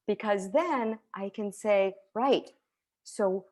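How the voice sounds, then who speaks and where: A woman teacher talks through an online conference session on a video call. Her delivery is lively and conversational, full of asides and quick checks with her listeners. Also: mid-range voice. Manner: lively, conversational, with frequent "right?" and soft laughs. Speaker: teacher giving a conference talk.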